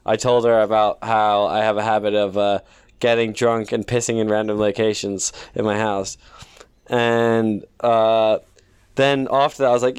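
A man's voice: on the low side, fairly even intonation, moderate pace, clear, resonant tone. A young man in his twenties, casual chat as podcast co-host, telling rambling self-deprecating stories with many restarts.

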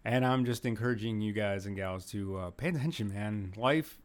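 A man's voice: lowish voice, moderate pace. A young man hosting his own podcast, talking casually and earnestly, self-deprecating and rambling from home with a window open. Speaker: podcast host. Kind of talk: casual solo podcast monologue. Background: occasional breeze from an open window.

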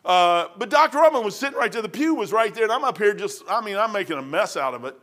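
Preacher, male, high and bright, animated testimony with loud bursts and stammers. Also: quick pace. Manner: animated storytelling with sudden loud outbursts. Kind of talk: testimony sermon.

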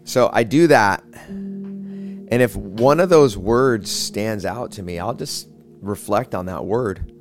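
A man teaching a guided prayer method in a relaxed, halting way, with slow, drawn-out readings. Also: lowish voice. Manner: relaxed, halting, with many fillers and restarts. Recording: spa music playing behind. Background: soft spa music.

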